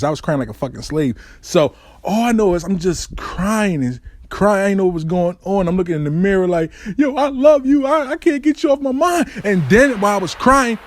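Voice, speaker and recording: A young man telling a comic personal story, profane and animated, acting out what people said. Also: high-pitched, dry recording. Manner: animated, profane, acts out quotes.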